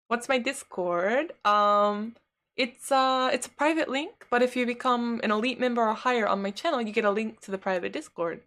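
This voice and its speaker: A woman's voice: fairly high pitch, normal speed, fairly bright tone. A woman streamer chatting casually with her live chat. She rambles, fills her talk with "like" and laughs often.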